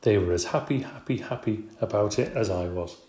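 Guy narrating a kids book, lively storytelling, low voice, bit of room echo. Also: fairly quick. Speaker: audiobook narrator. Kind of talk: storybook reading. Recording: roomy echo.

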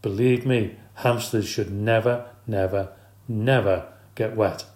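A man narrating a children's audiobook in the first person, reading in a lively, expressive way. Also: on the low side, takes it slowly. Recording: roomy reverb.

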